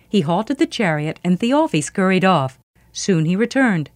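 A woman reading a myth aloud as a storyteller, expressive and vivid. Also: on the low side, unhurried, no room sound, studio quality.

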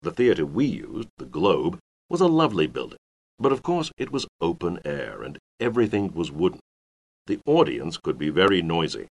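A man voicing an older male Elizabethan playwright who recalls his days in the theater, in a measured, reflective way for a scripted listening exercise. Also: low-pitched, very animated, exaggerated voice. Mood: reminiscing. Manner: measured, reflective first-person reminiscing.

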